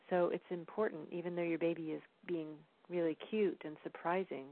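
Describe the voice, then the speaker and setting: A woman giving calm parenting advice in an explanatory teaching talk, often pausing with "um". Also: lowish voice. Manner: calm, explanatory, frequent "um" fillers. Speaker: parenting educator. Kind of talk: instructional talk. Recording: tinny phone-like sound.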